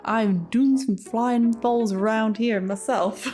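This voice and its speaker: A woman's voice: mid-range voice, normal speed, darkish tone, soft background music, lightly acted. A woman doing a rambling old hermit man. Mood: cheery rambling. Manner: rambling, folksy dialect grammar. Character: chatty old male cave hermit.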